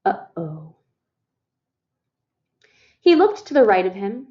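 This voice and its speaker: A woman reading a storybook aloud to young children, lively and expressive. She speaks in a mid-pitched voice and pauses to ask her listeners questions. The recording is slightly dull and lo-fi. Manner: expressive, talks to listeners as "friends" and asks them questions. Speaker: storytime reader.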